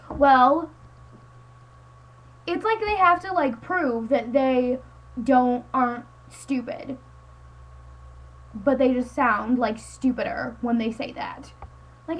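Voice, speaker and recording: Speaking slowly with frequent pauses, a high-voiced teen girl vents to her webcam at home, exasperated, meandering, and packing in "like" nonstop. She's a high school vlogger. The audio has its highs cut off and carries a faint hiss or hum.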